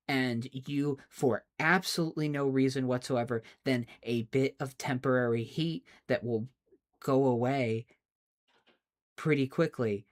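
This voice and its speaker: Man in a stammering, profane rant. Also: medium pitch. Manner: exasperated, profane, stammering restarts. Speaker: streamer. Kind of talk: angry rant.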